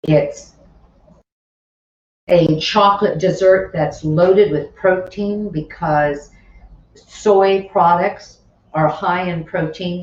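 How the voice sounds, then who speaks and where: A woman's voice: on the low side, a little mellow, slight background noise. A woman leads a cooking demonstration, talking unhurriedly through each step with friendly asides. She sounds a little far from the mic in a roomy kitchen, with a dull tone and faint clatter of pots and dishes behind her. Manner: chatty, explains each step while working, with asides. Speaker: cooking instructor. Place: home kitchen.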